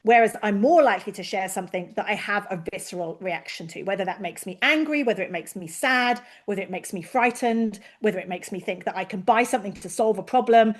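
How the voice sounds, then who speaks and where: A woman giving an expert presentation on a video call, lively and given to acting out quoted voices. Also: brisk, few pauses. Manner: lively, acts out quoted voices with big pitch jumps. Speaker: invited expert speaker. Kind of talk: online presentation to a learning session.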